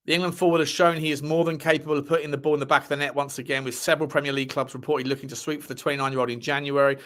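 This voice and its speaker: His voice a little high and slightly bright, a football fan show host chats casually on a livestream, reading transfer articles aloud. He sprinkles in cheeky asides and repeats what he says.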